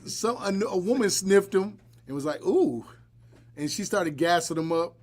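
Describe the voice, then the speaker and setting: This live podcast host is an adult, married man whose high voice moves at normal speed. Blunt and jokey, he keeps the chat casual and tells his stories in an animated way.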